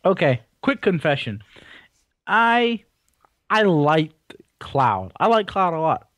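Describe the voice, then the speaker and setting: A man's voice: fairly high pitch, very animated, slow pace, fairly bright tone, no echo, clean studio sound. A young adult man co-hosting a casual gaming podcast, jokey and enthusiastic, stretching words for emphasis. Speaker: podcast co-host.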